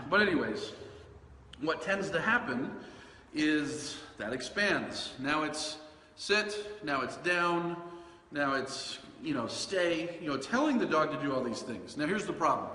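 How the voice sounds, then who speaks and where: A man with a somewhat high, forceful voice hosts a casual solo podcast about dog training. He talks loosely and conversationally, often restarting sentences and filling pauses. The recording has a long, roomy reverb and a faint hiss behind it. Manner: conversational, loose, with fillers and self-corrections.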